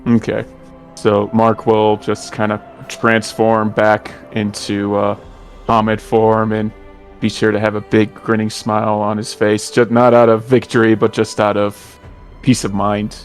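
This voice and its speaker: Male player, low even voice, casual hesitant narration of his character's actions. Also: measured pace, soft background music. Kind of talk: casual tabletop role-play.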